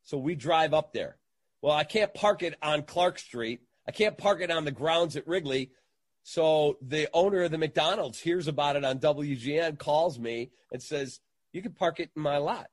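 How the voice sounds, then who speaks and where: A man, a sports radio entertainer, telling an animated anecdote in a casual interview and acting out the quotes. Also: fairly high pitch, moderate pace, dry recording.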